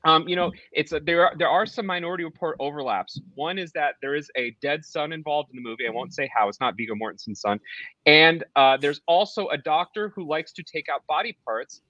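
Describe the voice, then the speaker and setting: Man, podcast co-host, sarcastic, rambling, bright edge, slightly high voice. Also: brisk, no echo, muffled recording. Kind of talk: casual movie review chat.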